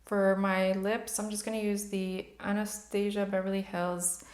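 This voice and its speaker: A woman's voice: mid-range voice, little pitch movement, a little slow, darkish tone. Chatty woman vlogging in an echoey room. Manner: candid, chatty, emotional at times. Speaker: beauty vlogger. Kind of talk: casual chat while doing makeup.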